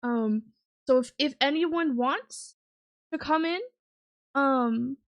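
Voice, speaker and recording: A woman livestream host chatting casually from her home setup. Her voice sits a touch high, and she rambles through plenty of ums and giggles as she talks to her viewers. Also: slow pace, muffled recording. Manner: rambling, lots of fillers, giggly. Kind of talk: casual chat.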